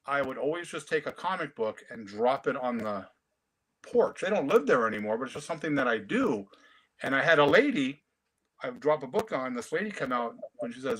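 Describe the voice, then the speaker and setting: A man, telling stories in a casual, animated way on a video call. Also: mid-range voice, a little fast, husky. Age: 50s. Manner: storytelling, animated. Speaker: comic collector guest. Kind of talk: casual chat.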